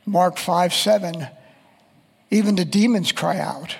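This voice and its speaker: Preacher, male, high pitched and husky, reading scripture in an echoing hall. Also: takes it slowly. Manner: reads scripture aloud and quotes voices of the text. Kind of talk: sermon.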